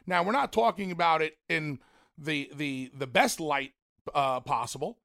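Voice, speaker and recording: Animated higher-voiced male radio host. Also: normal speed, vocal fry. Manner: animated, builds up excitedly. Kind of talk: casual radio talk.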